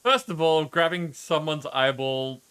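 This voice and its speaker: A man's voice: a little high, unhurried, sharp tone, clear, resonant tone. A male streamer chatting casually over gameplay, joking and greeting viewers in chat by name.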